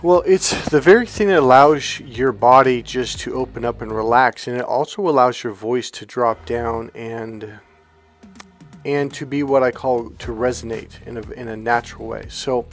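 A man hosting his own channel as a self-help coach, talking to camera in a relaxed, rambling way that keeps checking in with "okay?". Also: mid-range voice, normal speed, soft background music. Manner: rambling and conversational, with restarts and "okay?" check-ins; calm, relaxed, comfortable delivery. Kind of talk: casual direct-to-camera talk.

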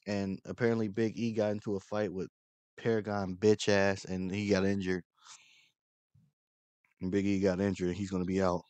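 A man's voice: deep voice, flat delivery, moderate pace, long pauses, darkish tone, no room sound. A young man commentating his own gameplay, angry and frustrated, swearing constantly. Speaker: gaming channel host.

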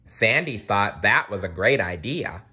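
A man reading a children's picture book aloud, expressive, with slips he corrects. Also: on the low side, unhurried, husky. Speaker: storybook reader.

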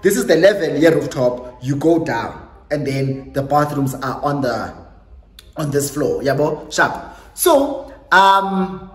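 A young woman with a South African accent tells a storytime to her vlog audience, lively and chatty. She drops Xhosa phrases into her English as she goes. The room is echoey, and faint music plays underneath. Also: deep voice, slow. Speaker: YouTuber.

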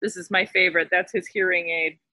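A woman's voice: lowish voice, steady tone, fairly quick, pushed and bright, no room sound. A woman pastor reading a picture book aloud in church and asking the children questions.

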